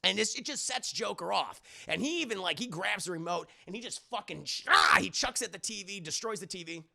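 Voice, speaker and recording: A man recapping a cartoon for his live chat in a casual, animated and profane way. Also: high voice, brisk, vocal fry. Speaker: streamer reviewing a cartoon.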